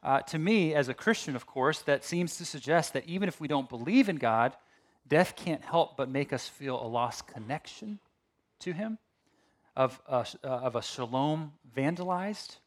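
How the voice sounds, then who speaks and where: A middle-aged man preaching from the pulpit in an easy, conversational way. His voice sits a little high and rises and falls with real energy. He breaks off for quick asides and restarts before carrying on. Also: animated. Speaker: pastor. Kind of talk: sermon.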